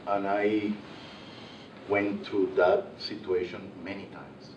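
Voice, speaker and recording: A man from Latin America speaking English with a Latin American Spanish accent, halting and searching for words. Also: sits low, steady tone. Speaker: workshop participant. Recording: distant, echoey, dull, noisy room mic.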